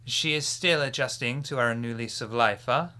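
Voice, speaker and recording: A man acting as game master, voicing a courteous, sly hooded vampire with a raspy put-on French accent in a live-streamed tabletop game. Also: medium pitch, measured pace, bright, forceful tone. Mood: courtly. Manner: formal and gracious, ends remarks with a teasing "huh?".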